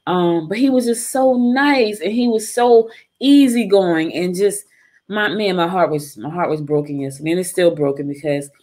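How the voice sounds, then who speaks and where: A woman's voice: on the low side, normal speed, a little mellow. Chatty woman host saying y'all. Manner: chatty, repeats phrases, addresses listeners as y'all. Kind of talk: casual live-show chat.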